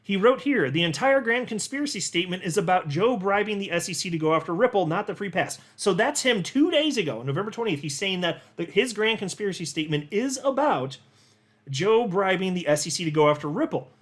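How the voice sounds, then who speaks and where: A man's voice: high-pitched, lively intonation, fairly quick. A man hosting a commentary show, reading out social media posts and reacting with exasperated, incredulous remarks and folksy sayings. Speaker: crypto commentary host.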